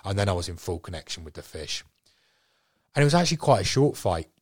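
A man, a guest angler, telling a fishing story in a casual, animated way. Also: low-pitched, fast talker, breathy edge, no room sound, clean studio sound.

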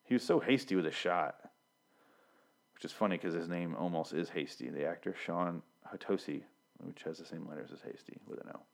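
Profane, rambling man with a lowish voice. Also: brisk, gravelly. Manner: rambling, profane, frequent restarts and fillers. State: worked up, flustered. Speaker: TV episode recapper. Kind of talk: casual rant.

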